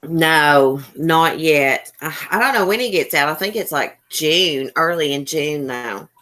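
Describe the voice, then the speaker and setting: A woman's voice: low voice, expressive, a little slow, fairly bright tone. A woman hosting a casual live stream, chatting folksily with her guest and viewers. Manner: chatty, folksy, addresses chat viewers by name.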